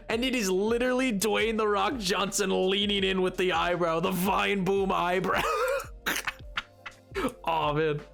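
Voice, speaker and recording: A man's voice: sits high, creaky, a bit bright. A man streaming a game, chatting and bantering playfully with his viewers. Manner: playful, teasing banter with chat. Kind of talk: casual live-stream chat.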